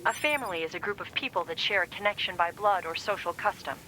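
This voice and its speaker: An actress playing a formal, curious female android operator in a video game, speaking in a precise, measured way. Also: lowish voice, pushed and bright, slight background noise, low-quality recording.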